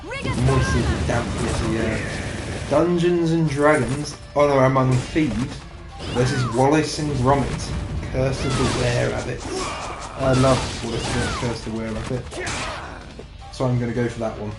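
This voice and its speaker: A man's voice: medium pitch, steady tone, normal speed. A man chatting and joking with a friend while they play a game, sweary and teasing. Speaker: co-host. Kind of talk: casual gaming chat. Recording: roomy sound with music behind.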